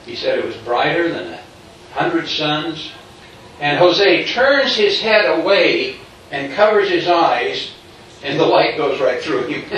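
Man telling a story in an echoey hall. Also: on the high side. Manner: animated storytelling, acting out quotes with chuckles. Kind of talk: preached storytelling. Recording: very echoey hall, distant mic, faint noise.

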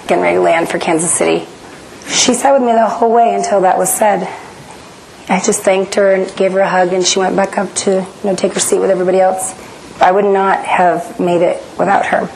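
A woman's voice: on the low side, a little mellow, slight background noise, rough recording. A woman, earnestly telling an emotional personal story and acting out the dialogue. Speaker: guest telling her story. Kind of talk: personal testimony.

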